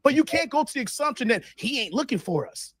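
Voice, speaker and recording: A man's voice: extremely high pitch, very animated, quick pace, fairly bright tone. A married man with a daughter, lecturing emphatically in a heated panel debate.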